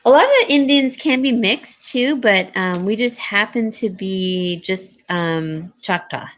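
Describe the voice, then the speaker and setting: A woman runs a live jewelry sale, chatting casually and responding to viewer comments in a relaxed live-stream sales style. Her voice is unhurried and fairly bright, and she coos to her dog in a high baby voice.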